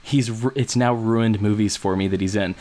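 A man co-hosting a podcast, telling a long story in a rambling, animated way and acting out what people said. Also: lowish voice, normal speed. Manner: rambling, animated, acts out quotes. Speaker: podcast co-host. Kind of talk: casual storytelling chat.

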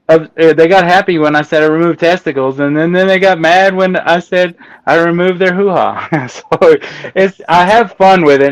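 A man's voice: fairly high pitch, smooth, no echo, rough recording. A man in casual podcast conversation, telling stories about his job with amusement and acting out the exchanges he quotes. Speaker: guest, embalmer and autopsy tech.

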